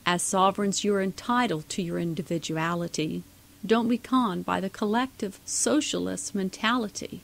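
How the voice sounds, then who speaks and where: Woman doing parents, earnest, preachy, rousing, rhyming advice, gravelly. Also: mid-range voice, moderate pace, natural voice. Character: good hillbilly parents, earnest advisers.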